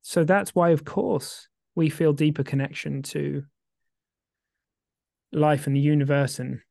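A man co-hosting a casual podcast, rambling with many restarts and getting excitable when he warms to a point. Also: on the high side, unhurried, creaky, no echo, clean studio sound. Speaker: podcast co-host.

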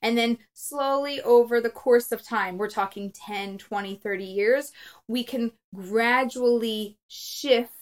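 A middle-aged woman co-hosting a casual podcast as a matchmaker, chatty and quick to laugh, acting out quotes as she talks. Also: a little high.

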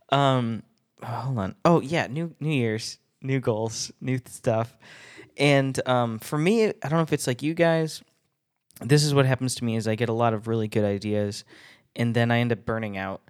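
Chatty, giggly man hosting a podcast. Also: medium pitch. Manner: rambling and self-deprecating, laughing often. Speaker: podcast host. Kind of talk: casual solo podcast chat.

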